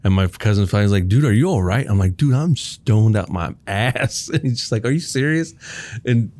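Young man, laid-back storyteller, somewhat low voice, frequent swearing. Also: brisk, a little mellow. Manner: laid-back, swears often, laughs while telling. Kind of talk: casual storytelling chat.

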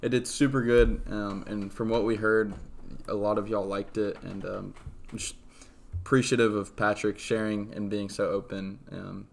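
A man's voice: lowish voice, level tone, normal speed, vocal fry, few pauses, slight background noise. A man hosting a casual podcast, upbeat and introducing his guests with plenty of ums. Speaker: podcast host.

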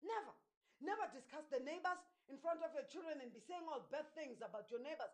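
A woman's voice: high voice, animated, fairly quick, poor audio. A woman preacher giving a sermon, emphatic and repetitive, often checking whether her listeners understand. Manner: emphatic, repeats phrases, asks listeners if they understand.

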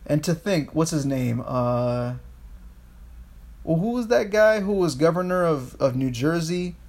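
A man's voice: fairly high pitch, animated, unhurried, darkish tone. A man co-hosting a podcast, chatting casually about history, rambling with frequent restarts and swearing. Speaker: podcast co-host.

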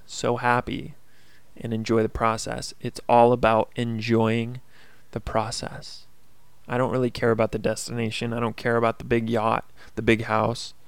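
Gravelly, earnest podcast man. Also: mid-range voice, no echo. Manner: earnest, upbeat motivational rambling with fillers. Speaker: podcast host. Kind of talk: casual solo podcast monologue.

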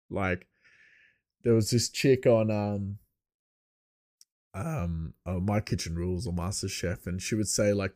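A man's voice: on the low side, darkish tone, no echo, clean studio sound. An Australian man hosting a podcast on his own, chatting casually, laughing often and wandering into asides. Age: adult with a young son. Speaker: podcast host. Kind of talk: casual rambling monologue.

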